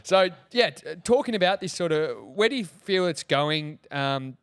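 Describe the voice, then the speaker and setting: Friendly co-host, smooth voice. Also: male voice, fairly high pitch, expressive, moderate pace, a bit bright, no echo. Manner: friendly, laughing, loosely phrased questions. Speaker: podcast co-host. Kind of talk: casual interview hosting.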